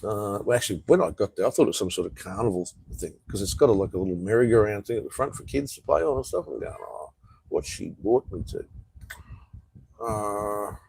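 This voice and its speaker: A man's voice: on the low side, fast, creaky, hardly any pauses, a little mellow, slightly rough, low-quality recording. A man with an Australian accent, rambling in a laid-back way as he chats casually on a live stream from an outdoor patio. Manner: rambling, laid-back, reads out viewer comments. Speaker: vlogger.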